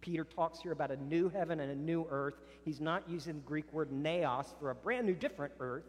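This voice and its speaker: A man's voice: a little high, fairly quick. Man preaching in a reverberant hall. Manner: earnest preaching, drops soft on solemn lines, rises sharply in acted arguments. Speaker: pastor. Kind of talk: sermon.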